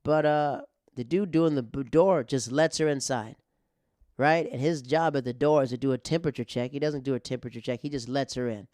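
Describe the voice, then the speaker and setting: A man's voice: medium pitch, a little fast, darkish tone, dry recording, studio quality. A male comedian and podcast host telling a casual, rambling story with many restarts and fillers.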